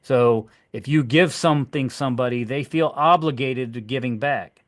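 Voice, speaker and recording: A middle-aged man coaching fellow agents, acting out conversations with clients in a lively, animated way. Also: medium pitch, normal speed, no room sound, clean studio sound. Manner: lively, acts out dialogues with clients. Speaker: real estate agent and trainer. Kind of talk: coaching session talk.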